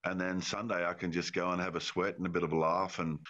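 A man with a very deep voice chats easily in a radio interview, joking and laughing as he goes. The sound is a bit muffled and dull. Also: flat delivery, fast talker, a bit bright. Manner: easygoing, jokey, chuckles often. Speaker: actor guest.

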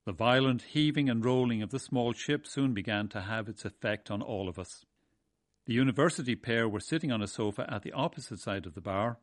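A man from Ireland, narrating a memoir of his seafaring days in a measured, wry way. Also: mid-range voice, no room sound, clean studio sound. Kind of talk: first-person storytelling.

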